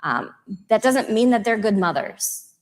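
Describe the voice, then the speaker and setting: A woman's voice: on the high side, animated, measured pace. A woman chaplain speaking candidly as a panelist, self-deprecating. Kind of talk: live panel discussion.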